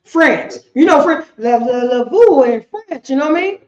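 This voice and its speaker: High-voiced woman quizzing a class. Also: animated, normal speed, a little mellow. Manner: keeps asking "you know what I'm saying?". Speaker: class leader. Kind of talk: informal group lesson, questioning the class. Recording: echoey room, dull muffled sound.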